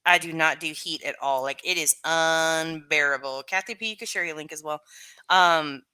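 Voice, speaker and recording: A woman's voice: low-pitched, moderate pace, pushed and bright, smooth. A woman live streamer chatting casually with her viewers, rambling and full of fillers.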